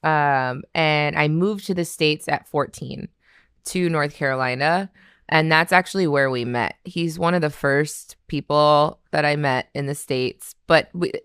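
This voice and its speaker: A woman's voice: deep voice, a little slow, fairly bright tone, clear, resonant tone, dry recording, studio quality. A woman from Canada, a podcast guest, telling stories in casual chat and laughing often. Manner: storytelling, laughing often, acting out quotes.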